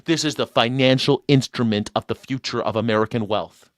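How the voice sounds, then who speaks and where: A man's voice: medium pitch, fairly quick, no echo, studio quality. A man hosting a live call-in show, talking in a mocking, sarcastic way and laughing often. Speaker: livestream show host.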